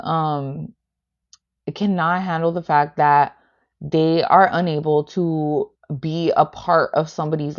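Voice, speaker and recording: A woman's voice: sits low, lo-fi sound. Blunt cussing woman tarot reader. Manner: profane and blunt, heavy "like" and "bitch" fillers. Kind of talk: blunt livestream tarot reading.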